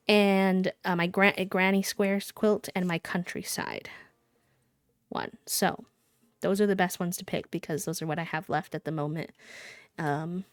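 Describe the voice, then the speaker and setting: A woman's voice: lowish voice, no room sound. A woman live streamer chatting casually and playfully with her viewers, breaking into sing-song countdowns.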